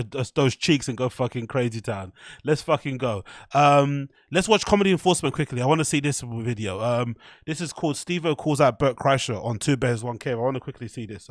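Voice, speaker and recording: A man's voice: medium pitch, brisk, no room sound, studio quality. A young man talking loosely to his live stream chat, laughing often and swearing casually.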